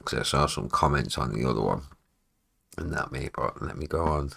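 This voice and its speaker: Very deep, gravelly-voiced tired man. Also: normal speed, pushed and bright. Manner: chatty, swears casually, talks to chat between tasks. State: tired and yawning. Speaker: music producer streaming live. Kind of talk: casual live-stream chat.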